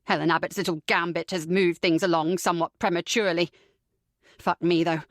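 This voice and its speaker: A woman's voice: on the low side, fairly even intonation, brisk, no room sound, clean studio sound, voice pushed down, lightly acted. A woman reading an audiobook, voicing a cruel, foul-mouthed young man who taunts his captive with contempt. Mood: menacing. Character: cruel sneering young man, villainous captor.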